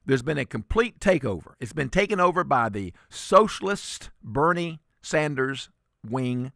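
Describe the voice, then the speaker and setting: A man's voice: medium pitch, sing-song, measured pace, vocal fry, fairly bright tone, no room sound, clean studio sound. A man filling in as a talk radio host, giving emphatic, sarcastic commentary and often repeating words.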